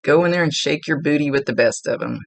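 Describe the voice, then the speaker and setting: Gravelly-voiced woman giving a psychic reading. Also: sits low, fast, dry recording. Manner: chatty, relays spirit messages with frequent laughs. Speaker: psychic medium. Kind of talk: mediumship reading, casual relaying of messages.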